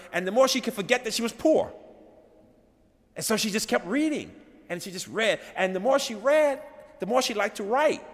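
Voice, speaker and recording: Male keynote speaker, animated storyteller, long reverb of a large chapel. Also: fairly high pitch. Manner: storytelling, builds repetition to rising emphasis. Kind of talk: inspirational speech.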